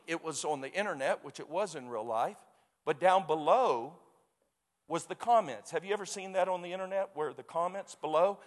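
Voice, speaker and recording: A man preaching a sermon, telling a story with lively quoted voices. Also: a little high. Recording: long hall reverb.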